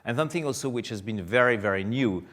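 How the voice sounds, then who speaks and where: A middle-aged man with a French accent speaks to a conference audience, often pausing on filler sounds as he goes. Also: medium pitch, animated, a bit bright. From France. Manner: hesitant, many filler sounds. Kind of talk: conference keynote.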